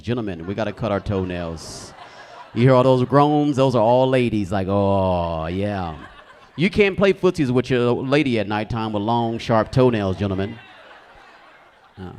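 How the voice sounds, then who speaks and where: A young man from the United States performing a stand-up comedy set in a club, telling stories loudly and shouting his acted quotes. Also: mid-range voice, slight background noise. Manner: animated, loud storytelling with shouted acted quotes. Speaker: stand-up comic. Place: comedy club stage with a live audience.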